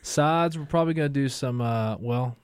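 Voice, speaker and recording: A man's voice: mid-range voice, normal speed, clear, resonant tone, no echo. A man, a chef and restaurant owner, chatting casually as a guest in rambling, laid-back stories. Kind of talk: casual conversation.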